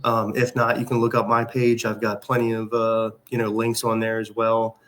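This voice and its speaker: A man's voice: lowish voice, monotone, moderate pace, fairly bright tone. A man as a guest on a casual radio chat, easygoing and thankful, plugging an event. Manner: easygoing, grateful, promotional.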